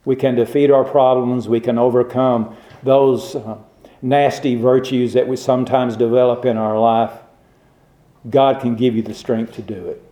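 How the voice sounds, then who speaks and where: Mellow-voiced preacher in an echoey room. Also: male voice, mid-range voice, level tone, moderate pace. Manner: emphatic, rhetorical questions. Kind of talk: sermon. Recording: roomy echo.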